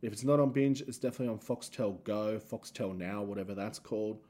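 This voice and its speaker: A man's voice: on the low side, steady tone, brisk, dark tone. An Australian man hosting a solo podcast, rambling and self-mocking as he tells stories. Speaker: podcast host and comedian.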